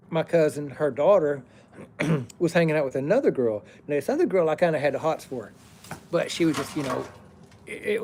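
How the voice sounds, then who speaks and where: A man's voice: a little high, dark tone, a little hiss or hum. A man, telling a personal story in a rambling, profane, drawling way.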